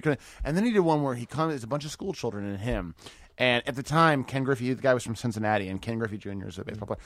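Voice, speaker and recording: A man's voice: mid-range voice, dry recording, clean studio sound. A man in his thirties telling stories in casual podcast chat, laughing often and swearing freely. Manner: lively storytelling with frequent laughs and swearing. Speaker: comedian guest.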